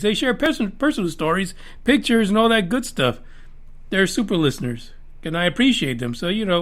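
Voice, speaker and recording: A man with a fairly high voice hosts his podcast in a loose, rambling monologue. He jokes and swears freely as he goes. He sounds middle-aged. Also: fairly bright tone. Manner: profane, rambling and jokey. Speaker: podcast host.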